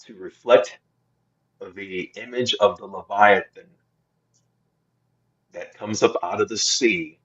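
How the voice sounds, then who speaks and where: Man, lower voice, husky, slow earnest Bible chat, dull lo-fi sound. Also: a bit bright. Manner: slow, earnest preaching tone with many restarts. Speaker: co-host of faith podcast. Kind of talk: casual Bible discussion.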